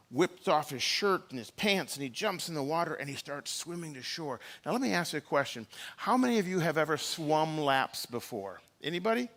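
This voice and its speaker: A man's voice: on the high side, a bit bright. A man preaching a sermon in a church, telling the story and acting out the quoted lines. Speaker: pastor.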